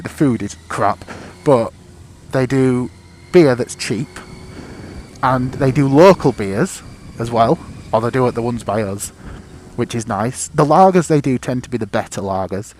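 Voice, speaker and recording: A man talks to his camera while out on a motorbike, rambling and swearing freely in a self-mocking way. His voice sits at an ordinary middle pitch. Faint road and engine noise carries under him from a helmet or bike-mounted mic. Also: a little mellow. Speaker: motorcycle vlogger. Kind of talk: casual riding commentary. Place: outdoors riding a motorbike.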